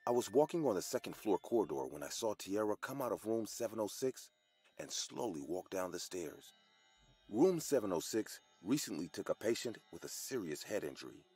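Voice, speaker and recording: A man's voice: lowish voice, very animated, normal speed, warm tone, breathy edge, faint music behind. A man giving dramatic, first-person scripted horror narration.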